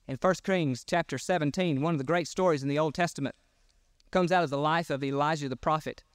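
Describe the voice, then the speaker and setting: Folksy high-voiced male preacher. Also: brisk, smooth, no room sound, studio quality. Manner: folksy, emphatic storytelling preacher. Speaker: pastor. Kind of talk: sermon. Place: church service.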